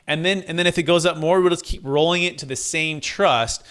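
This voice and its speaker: A man telling a client story in an interview, lively, acting out the voices of the people he quotes. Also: fairly high pitch, fairly quick, smooth. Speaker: guest, tax deferral advisor.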